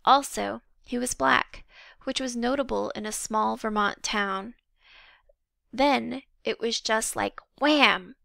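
Gravelly bright-voiced woman reading a storybook. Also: fairly high pitch, slow pace, dry recording. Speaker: audiobook reader. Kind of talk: storybook narration.

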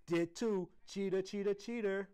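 A furious little girl in a storybook yells at her friend, as a man reading aloud puts her on. The voice climbs very high and stays loud, with lots of up-and-down movement. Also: lively intonation, takes it slowly. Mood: angry. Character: upset schoolgirl shouting at her friend.

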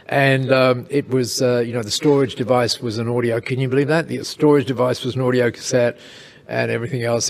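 A man telling a casual anecdote in an interview, lively, with chuckles and quick asides. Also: medium pitch, vocal fry. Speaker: interview guest, storyteller.

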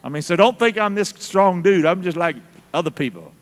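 High-voiced preaching man in a reverberant church. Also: animated, brisk. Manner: call-and-response preaching, folksy and teasing. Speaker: pastor. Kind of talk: sermon. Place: church sanctuary.

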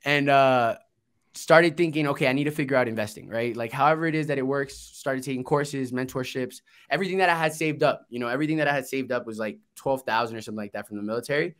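A man's voice: medium pitch, fast, fairly bright tone. A man who grew up in Florida, telling his story as a podcast guest in a laid-back way, swearing freely and acting out what people said. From Florida, United States. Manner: laid-back, swears, acts out quoted dialogue. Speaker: guest, investing entrepreneur. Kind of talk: casual storytelling interview.

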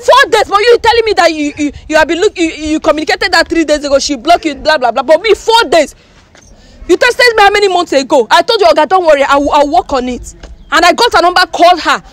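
A woman's voice: high-pitched, fast, fairly bright tone, no room sound. A woman with a Nigerian accent mediating a heated argument outdoors, scolding a man and repeating herself, mixing pidgin into her English.

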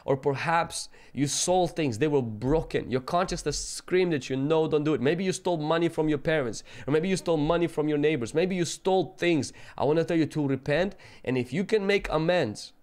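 A man delivers an earnest sermon in a voice that sits a little higher than most men's. He tells stories from his own life and acts out the voices of the people in them as he goes. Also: moderate pace, hardly any pauses, a little mellow. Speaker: preacher.

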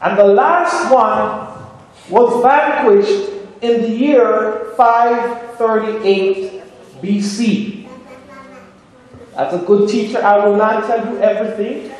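A man with a Jamaican accent preaches on prophecy, leaning on each phrase and calling for amens. His voice sits very high and moves at an unhurried, deliberate pace. The sound carries a long reverb from a large church hall. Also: steady tone. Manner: slow, emphatic, asks the congregation for amens. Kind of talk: prophecy sermon with call and response.

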